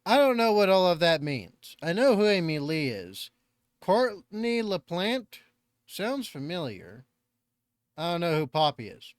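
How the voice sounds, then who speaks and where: A man's voice: high-pitched, sing-song, measured pace, no room sound, studio quality. A man with a Southern American accent picked up over the years, hosting a reaction channel in a rambling, self-deprecating way and swearing casually. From Northern California.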